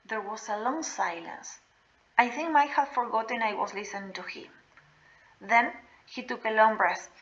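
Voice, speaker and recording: Slow, bright-voiced woman reading a novel aloud. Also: fairly high pitch, dull audio. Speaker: reader.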